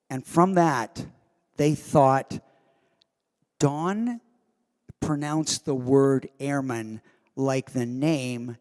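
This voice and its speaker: A man, the guest of honor at a convention, telling an animated, self-amused anecdote from the stage of a convention hall. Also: medium pitch, extremely slow, pauses often. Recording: long hall reverb.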